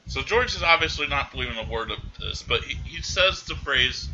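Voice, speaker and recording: A man hosts a casual podcast, recapping a film in a rambling way and quoting characters as he goes. His voice is very bright and edgy. The recording sounds dull and lo-fi. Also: a little high, expressive, a little fast, hardly any pauses, slight background noise. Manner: rambling retelling full of quoted lines. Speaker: podcast host.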